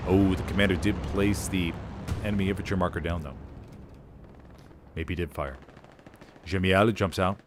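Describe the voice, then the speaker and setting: Guy casting a war shooter, lowish voice, jokey rambling play by play, faint battle noise. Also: moderate pace, pauses often. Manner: energetic, jokey, rambling asides. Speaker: esports caster. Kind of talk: play-by-play game commentary.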